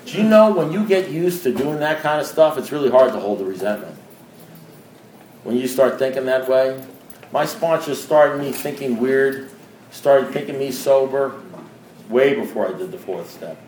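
A man's voice: mid-range voice, lively intonation, normal speed, darkish tone. A man speaking to a recovery group in a blunt, plain-spoken way, often asking his listeners direct questions. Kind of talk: informal talk to a group. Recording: echoey room with faint background noise.

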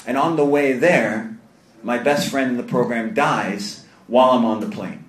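A man telling his own story to a live audience at a recovery meeting, animated and self-mocking, acting out other people's voices as he goes. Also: mid-range voice, measured pace. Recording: echoey room.

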